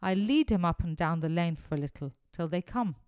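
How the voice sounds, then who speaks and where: A man's voice: fairly high pitch, brisk, clear, resonant tone, no echo, lightly acted. Brief: plucky schoolboy, voiced by a woman narrator, bouncy, dry sound. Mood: earnest. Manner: excited, breathless commentary. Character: eager schoolboy, brave and gentle.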